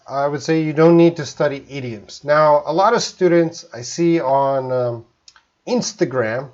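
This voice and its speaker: A man from Canada, an English teacher, answering viewer questions in a live-stream lesson, talking slowly and choosing his words carefully. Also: on the high side, muffled recording. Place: home in Korea, live stream.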